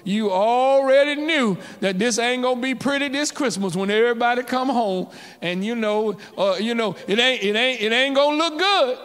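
A man's voice: very high-pitched, moderate pace, a bit bright, clear, resonant tone. A man preaching a sermon as pastor, calling out to his congregation in rising and falling waves. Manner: call-and-response preaching, rising and dropping in waves. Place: church sanctuary. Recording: church hall reverb.

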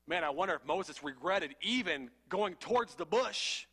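A man's voice: high voice, expressive, moderate pace, pushed and bright, slightly rough. A man preaching a sermon in a fervent, conversational way with slangy asides.

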